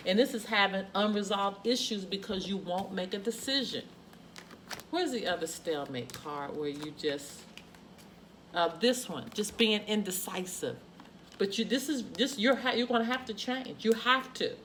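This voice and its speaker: A woman's voice: mid-range voice, moderate pace, a bit bright, slight background noise. A woman reading tarot cards for her viewers, emphatic and repetitive, with frequent exclamations. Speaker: tarot reader. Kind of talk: spoken tarot card reading.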